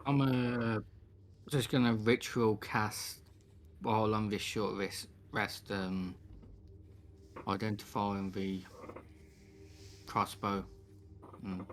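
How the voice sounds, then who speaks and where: Slow, hesitant man at a game table. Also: lowish voice, level tone, a little hiss or hum. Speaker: player. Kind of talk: casual chat at a tabletop game.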